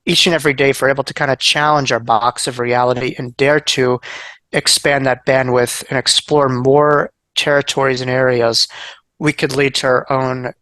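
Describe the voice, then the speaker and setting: A man's voice: mid-range voice, level tone, moderate pace, a bit bright, dry recording. A man, a therapist and author, talking earnestly as an interview guest, with many fillers and restarts. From United States. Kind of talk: casual interview chat.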